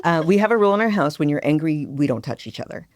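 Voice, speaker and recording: A woman parenting coach chatting on a radio show, animated and self-mocking, laughing often as she acts out her own outbursts. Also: sits low, fast, dry recording, clean studio sound. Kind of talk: casual radio conversation.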